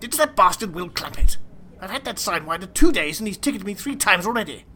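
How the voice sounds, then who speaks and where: A woman's voice: medium pitch, animated, pushed and bright, slight background noise, pitched below the performer's own voice. A woman doing a pompous, raging male commander. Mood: furious. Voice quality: entitled and quick to rage. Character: pompous, hot-tempered male station commander.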